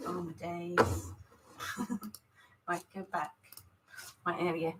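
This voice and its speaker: A woman's voice: fairly low pitch, completely flat delivery, slow, very noisy. Chatty woman live-streaming her painting. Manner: chatty, scattered, often laughing, greeting viewers by name. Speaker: artist hosting a live stream. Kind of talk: casual live-stream chat while setting up to paint.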